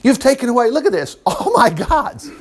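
A man voicing an indignant man whose idols were stolen, protesting in a shrill, whiny way. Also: sing-song, normal speed, a little hiss or hum.

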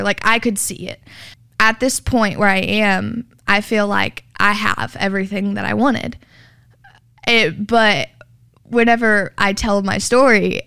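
A woman's voice: mid-range voice, vocal fry, pushed and bright, smooth, no echo, studio quality. A woman telling her personal story in an interview, earnest and filled with "like", acting out what people said. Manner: earnest, heavy use of "like", acts out quoted dialogue. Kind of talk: personal testimony.

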